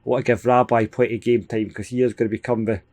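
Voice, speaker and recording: A Scottish man hosting a gaming video, giving casual, excitable play-by-play with frequent chuckles. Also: mid-range voice, fast. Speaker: gaming channel host. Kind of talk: casual let's-play commentary.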